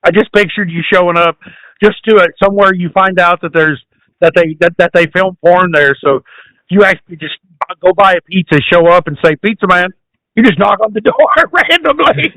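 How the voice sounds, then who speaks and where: Brief: male podcast co-host, high bright voice, jokey, sweary, laughs a lot. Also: moderate pace, no echo, low-quality recording. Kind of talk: casual chat.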